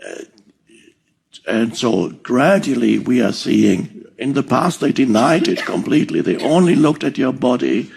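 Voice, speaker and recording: An older man giving a slow, reflective spiritual talk, pausing often and chuckling softly. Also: mid-range voice, lively intonation, vocal fry, breathy edge. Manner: slow and deliberate, with soft chuckles. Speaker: spiritual teacher.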